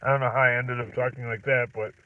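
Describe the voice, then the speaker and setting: A middle-aged man chatting casually on a livestream, rambling, clearing his throat and chuckling as he talks from his truck. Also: mid-range voice, level tone, quick pace, distant mic, slight background noise. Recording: tinny phone-like audio from off-mic.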